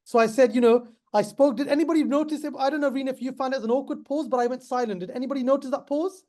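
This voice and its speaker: Teaching pharmacists over an online webinar, a middle-aged man talks very fast in a very high voice with a darkish tone. He chats with the class directly and often repeats himself.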